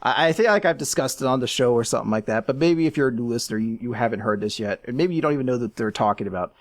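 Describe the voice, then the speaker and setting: A podcast co-host in casual chat, ranking a list, animated and sarcastic, breaking into shouted impressions. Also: medium pitch, very fast.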